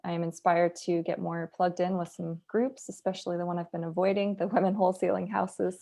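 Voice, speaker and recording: A woman hosting a real estate video call, speaking low and evenly with a gravelly edge. Her tone is mellow, and she is appreciative as she wraps up. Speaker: host of a real estate meeting. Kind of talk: casual meeting hosting.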